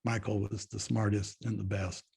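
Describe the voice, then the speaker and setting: A gravelly, slightly rough, slightly mellow voice on the low side comes from an older Texan from Fort Worth. His delivery is flat and moderately paced as he bluntly tells a story in an interview, performing both sides of the dialogue.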